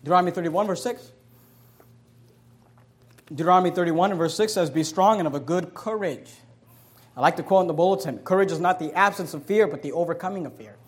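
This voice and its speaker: A pastor preaches fast, alternating loud, emphatic scripture reading with quiet, low asides and long pauses. He poses rhetorical questions and answers them himself.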